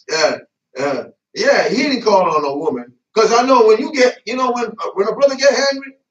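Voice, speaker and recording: A man preaching a sermon in a church, lively and colloquial, laughing and breaking into asides. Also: high voice, moderate pace, muffled recording. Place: church sanctuary. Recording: echoey church, mic at a distance.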